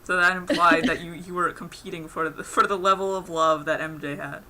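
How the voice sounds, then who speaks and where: A woman's voice: lowish voice, steady tone, a little fast, crowd noise. A young woman chatting casually on an art stream, rambling with lots of fillers. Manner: rambling, lots of "like" fillers, laughs through stories. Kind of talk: casual chat while drawing on stream.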